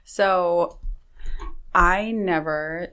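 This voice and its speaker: A woman's voice: fairly low pitch, extremely slow, a bit bright. Chatty young woman podcast guest. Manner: chatty, many fillers like "like" and "um". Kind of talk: casual conversational interview.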